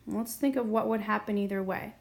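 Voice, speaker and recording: A woman's voice: medium pitch, steady tone, fairly quick, creaky. A woman teaching a language grammar lesson at a whiteboard, patient and explaining step by step. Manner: patient, explains step by step, often asks "okay?". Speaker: Spanish teacher.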